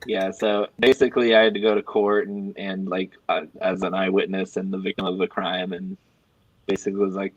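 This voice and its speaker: Here a man with a low voice speaks briskly as he tells friends a long, meandering anecdote, animatedly performing each quote. He's a podcast co-host, and the lo-fi audio is dry and dull with no room sound.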